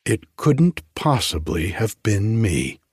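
A man's voice: on the low side, very animated, slow, a little mellow, husky, no room sound, studio quality, exaggerated voice. A man doing a grave, earnest seventeen-year-old girl. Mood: stately. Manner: grave, earnest, a little stately. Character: bright, spirited young girl of seventeen.

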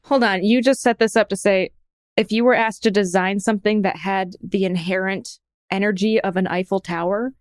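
A woman's voice: mid-range voice, steady tone, normal speed, no room sound, studio quality. A young adult woman co-hosting a podcast, chatting casually with playful, teasing banter. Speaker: podcast co-host. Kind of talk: casual chat.

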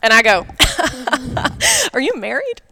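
A woman co-hosts a podcast, chatting casually and telling stories with animation while acting out what people said. She speaks slowly in a high voice, and the background is noisy.

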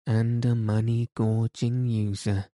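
A man's voice: medium pitch, little pitch movement, takes it slowly, dark tone, no echo, clean studio sound, natural voice. A man voicing a courteous outlaw leader in an audiobook, speaking with mock solemnity. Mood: mock-grave. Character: grave, courteous male outlaw leader, gently mocking. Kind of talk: audiobook character reading.

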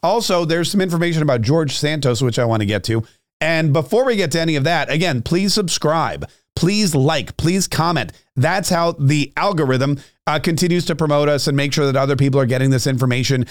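A man's voice: on the high side, a little fast, no room sound, studio quality. Joking, rambling male podcast host. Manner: joking, self-mocking asides; restarts and trails off often. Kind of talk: rambling political commentary.

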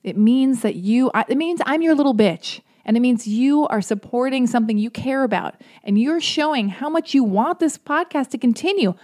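A woman in her thirties hosting her podcast, chatting in a bubbly, rambling way and sounding highly caffeinated, like a self-described Valley girl. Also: lively intonation, normal speed, few pauses, darkish tone. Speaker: podcast host. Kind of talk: casual podcast intro.

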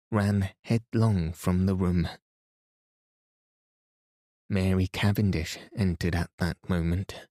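A man reading a story aloud as a calm bedtime podcast host, soothing and even. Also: low-pitched, no echo, clean studio sound.

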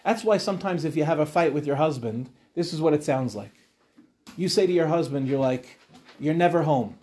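High-voiced rabbi giving a lively talk. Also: male voice, brisk. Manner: animated, rhetorical questions and retold dialogues. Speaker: rabbi teaching a class. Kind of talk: Torah class lecture to young women.

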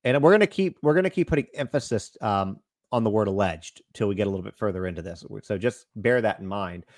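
A man's voice: on the low side, expressive, quick pace, no room sound, studio quality. A man co-hosting a casual talk show, speaking earnestly and steering the discussion. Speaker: podcast co-host.

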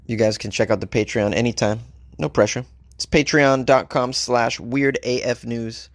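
A man hosting a solo comedy podcast, joking his way through odd news stories with lively asides. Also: mid-range voice, no echo, clean studio sound. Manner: animated, joking, reads news aloud with asides. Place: home studio, Los Angeles.

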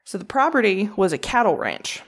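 Profane, animated woman storyteller. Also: medium pitch, fairly quick. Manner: profane, animated storyteller with mocking quoted voices. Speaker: podcast co-host telling a true crime story. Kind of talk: casual true crime chat.

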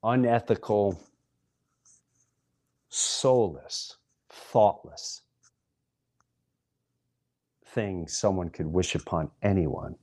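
A middle-aged man hosting a podcast, delivering an impassioned monologue and hammering single words with long pauses between them. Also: low voice, lively intonation, a little mellow. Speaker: podcast host.

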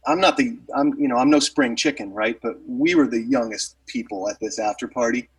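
A man's voice: medium pitch, a little fast, slightly rough, recorded from a distance, low-quality recording. A man, a musician, telling a rambling story in casual chat with lots of fillers and restarts.

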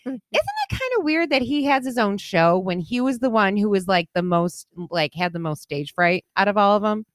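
A woman co-hosting a podcast in casual chat, reacting quickly and teasing her co-host in a wry way. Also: mid-range voice, very animated, no room sound, studio quality.

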